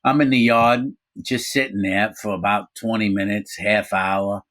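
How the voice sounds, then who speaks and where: A middle-aged man casually telling a story from his own life, animated, acting out quoted voices, with frequent fillers. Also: lowish voice, a little slow. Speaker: storyteller recounting his prison time.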